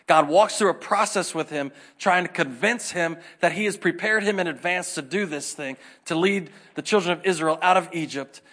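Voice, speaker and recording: A man preaching a sermon, animated and acting out the voices in the scripture stories. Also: high voice, moderate pace, hardly any pauses. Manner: animated, acts out scripture dialogue in varied voices.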